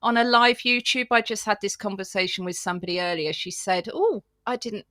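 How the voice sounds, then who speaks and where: A woman's voice: medium pitch, brisk, bright, forceful tone, no echo, studio quality. A woman from England, a guest speaking earnestly and enthusiastically in a casual live-stream chat.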